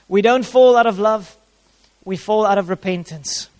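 A man preaches in a high, light voice, driving his points home by repeating them. His words ring out with a long echo, as if he stands in a big hall. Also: moderate pace, a little mellow. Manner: repeats key phrases for emphasis, uses props. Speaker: pastor. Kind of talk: sermon.

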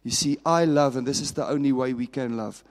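A man preaching a sermon as a pastor, telling stories with passion and dropping from raised to hushed. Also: medium pitch, fairly quick. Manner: impassioned storytelling, swinging from raised to hushed. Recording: long reverb of a large hall.

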